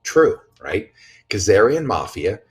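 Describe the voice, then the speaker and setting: A man's voice: on the low side, sing-song, takes it slowly. A man talking in a casual podcast conversation, blunt and emphatic, rambling with restarts and swearing freely. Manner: rambling with frequent restarts and asides. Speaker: podcast guest speaker.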